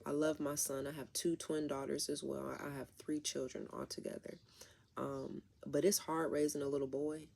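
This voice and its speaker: Gravelly-voiced woman chatting through a tarot reading. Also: low voice, little pitch movement, moderate pace, a little mellow. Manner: rambling, talks straight to viewers. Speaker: tarot reader.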